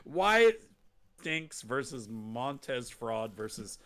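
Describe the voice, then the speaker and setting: A man's voice: mid-range voice, big pitch swings, slow, fairly bright tone. A man hosting a wrestling podcast, chatting casually in rambling jokes and acting out quotes in goofy voices. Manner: rambling, joking, acts out quotes in silly voices. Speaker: podcast host.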